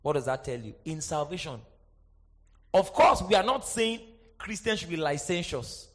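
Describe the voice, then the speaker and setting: A male preacher with a high voice delivers a lively sermon. He surges into shouted, sing-song refrains and then drops to hushed, confiding asides, checking in with the congregation again and again. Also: normal speed. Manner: asks the congregation for response, sing-song emphasis.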